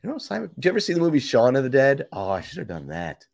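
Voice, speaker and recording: A man's voice: mid-range voice, huge pitch swings, rapid-fire, vocal fry, darkish tone, dry recording. A man, a father, chatting casually on a podcast and telling anecdotes, acting out what people said. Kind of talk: casual chat.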